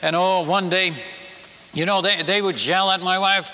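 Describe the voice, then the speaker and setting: Older guy missionary preaching, pretty high voice, does all the voices, long echo from the hall. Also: moderate pace, a little hiss or hum. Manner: animated, acts out quoted villagers. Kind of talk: sermon illustration storytelling. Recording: reverberant hall.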